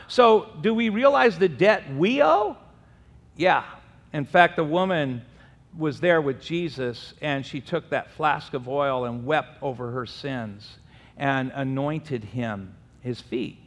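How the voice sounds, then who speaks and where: A man's voice: a little high, expressive, a little slow. Fervent pastor man preaching in a reverberant hall. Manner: reads scripture aloud, swings between loud emphatic and quiet. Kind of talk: sermon.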